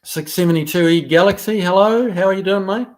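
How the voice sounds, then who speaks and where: Reading chat comments out on his live stream, a New Zealand man responds loosely and casually, full of fillers and restarts. His voice sits high and a little mellow, and he talks fairly quickly.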